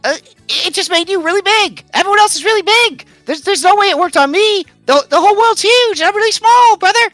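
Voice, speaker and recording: A man voicing a tiny shrunken brute, a confused and childlike male, in a squeaky helium voice. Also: expressive, a little fast, fairly bright tone, no echo, soft background music. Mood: bewildered.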